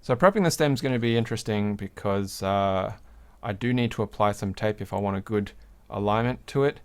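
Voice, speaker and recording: A man's voice: fairly low pitch, brisk, smooth. A man hosting a livestream, casually talking through a hands-on craft demonstration at his workbench, explaining each step as he works and laughing now and then. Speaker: livestream host. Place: home workbench.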